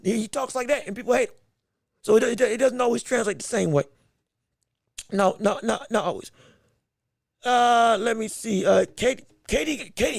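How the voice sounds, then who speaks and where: High-voiced animated man with gravelly edge. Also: normal speed, long pauses, no room sound, clean studio sound. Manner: animated, repeats himself, laughs while talking. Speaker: podcast host. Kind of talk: solo sports commentary podcast.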